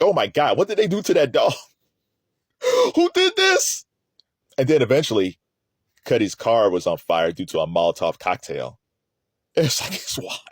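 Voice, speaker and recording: Rambling, laughing man, lively pitch. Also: no echo, studio quality. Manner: rambling, laughs often, frequent restarts. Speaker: commentator on a court trial. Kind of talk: casual commentary.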